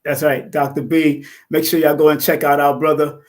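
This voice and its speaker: A man's voice: a little high, little pitch movement, moderate pace. A man hosting an online talk show, chatting animatedly and often repeating words, his voice a bit worn. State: losing his voice. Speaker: host. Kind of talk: casual interview chat.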